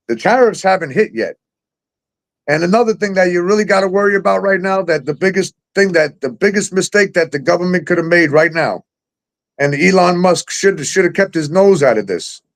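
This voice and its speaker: Profane ranting man, higher voice. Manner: profane, incredulous, sarcastic ranting. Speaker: talk show host. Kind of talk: ranting conspiracy talk.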